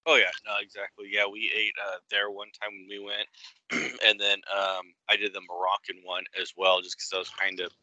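A man co-hosting a casual chat, agreeable and quick to chime in. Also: fairly low pitch, little pitch movement, sharp tone, low-quality recording. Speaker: podcast co-host.

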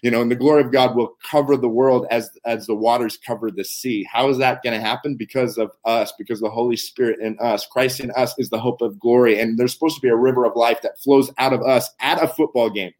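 A man's voice: medium pitch, steady tone, brisk, few pauses, a little mellow. A man talking as a guest minister, sharing faith testimony in a fervent conversational way, often repeating words as he searches for his thought. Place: Canada.

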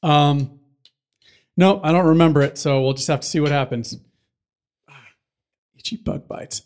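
A man's voice: fairly high pitch, moderate pace, darkish tone, clear, resonant tone. Rambling young man chatting. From United States. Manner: rambling, loses his train of thought, swears casually. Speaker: podcast co-host. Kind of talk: casual chat.

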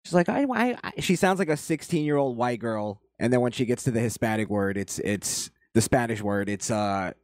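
A man casually commenting as he reacts to a video, with a rambling, halting, profane way of talking. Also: fairly low pitch, darkish tone, dry recording, clean studio sound.

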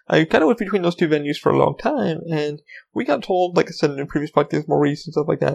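A man in his thirties hosts a casual solo podcast, rambling, swearing and interrupting himself. His voice sits on the high side and sounds gravelly, and the audio is lo-fi.

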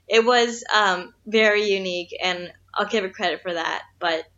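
A woman's voice: medium pitch, moderate pace, fairly bright tone. A woman co-hosting a casual movie podcast, easygoing and giving her opinion. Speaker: podcast co-host. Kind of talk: casual movie review chat. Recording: slightly dull, lo-fi sound.

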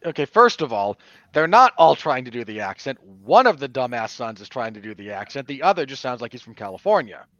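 Animated, bluntly critical man, dull lo-fi sound. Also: medium pitch, fairly quick, dry recording. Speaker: podcast co-host film reviewer. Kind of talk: casual film review chat.

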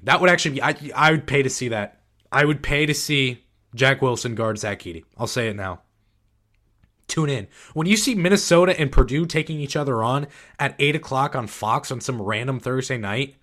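A man's voice: mid-range voice, a bit bright. A man hosting a sports podcast, giving blunt, sarcastic takes in a casual way with frequent restarts. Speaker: podcast host.

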